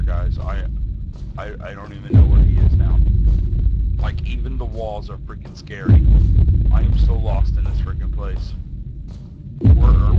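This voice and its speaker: A young man doing let's-play commentary on a horror game, excitable and swearing a lot, yelping and shrieking when scared. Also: lowish voice, very noisy. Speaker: gaming YouTuber. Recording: dull lo-fi recording with loud game music.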